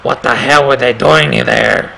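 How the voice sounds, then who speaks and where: A man putting on a strained, raspy voice to read a game's horror narration slowly and grimly. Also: medium pitch, sharp tone, slight background noise, poor audio. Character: gravelly grown man narrating his own horror story.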